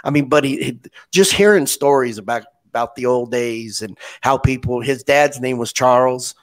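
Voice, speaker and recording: Man, podcast host, casual storytelling, halting restarts, mid-pitched voice. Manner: relaxed storytelling, many restarts. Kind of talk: casual interview chat.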